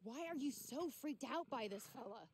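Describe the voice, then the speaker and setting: A woman's voice: high voice, lively intonation, moderate pace, background noise. An actress voicing a brash, sarcastic young woman from New York with a New York accent, swearing freely. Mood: coaxing. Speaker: game protagonist. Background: game music.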